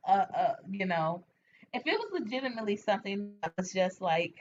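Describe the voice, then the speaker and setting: A woman hosting a late-night livestream, chatting frankly with viewers and answering their comments in an animated way. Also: mid-range voice, brisk, slight background noise. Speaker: livestream host. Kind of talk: casual chat with viewers. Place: home, at night. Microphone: webcam or phone mic. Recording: dull lo-fi livestream audio.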